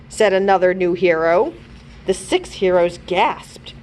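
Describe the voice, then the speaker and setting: Expressive, unhurried woman librarian reading aloud. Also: lowish voice, slight background noise. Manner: expressive, storytelling narration. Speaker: children's librarian. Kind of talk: children's book read-aloud.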